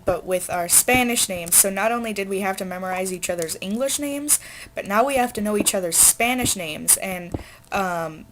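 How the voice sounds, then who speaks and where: A woman's voice: mid-range voice, slight background noise. A teenage girl chatting casually and rambling while she plays a game, with lots of fillers and asides. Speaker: gamer. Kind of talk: casual let's play chat.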